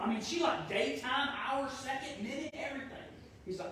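A man's voice: very high voice, fairly quick, hardly any pauses, very echoey, recorded from a distance, a little hiss or hum, poor audio. A man preaching a sermon in a conversational, storytelling way. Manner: conversational, storytelling, animated when quoting. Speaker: pastor.

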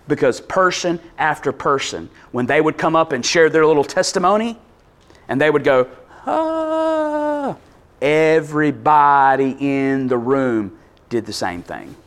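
A man preaching a sermon, telling a story with animated delivery and loudly acting out quotes. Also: fairly high pitch, normal speed. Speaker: pastor.

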